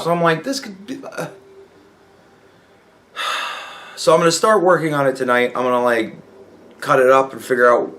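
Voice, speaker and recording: A man's voice: medium pitch, fairly bright tone, a little hiss or hum. A young man telling a work story in a casual, profane rant, acting out the dialogue. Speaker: vlogger.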